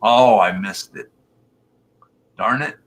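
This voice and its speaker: A man's voice: on the low side, slow. A man hosting a casual live stream, chatting with callers and reading viewer comments aloud.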